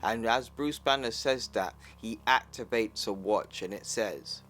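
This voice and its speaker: Man, comic recap narration, casual, enthusiastic asides, slow delivery. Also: on the low side, a bit bright, faint music behind. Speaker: comic book recap youtuber.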